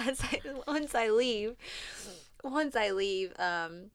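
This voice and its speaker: A young woman, co-hosting a podcast, who talks openly, laughs often and grows animated when retelling events. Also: fairly high pitch, slow pace. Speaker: podcast co-host. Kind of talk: candid conversation.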